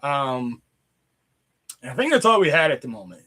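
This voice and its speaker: A man with a fever chatting casually on a livestream, telling a rambling story full of swearing and loudly acted quotes. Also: mid-range voice, very animated, normal speed. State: sick with a fever. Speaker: streamer.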